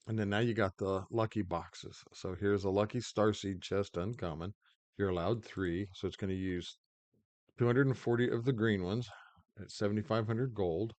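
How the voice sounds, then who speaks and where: A man's voice: lowish voice, darkish tone, dry recording. A man hosting his own gaming channel, rambling through mobile game commentary with lots of fillers and restarts. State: hiccups.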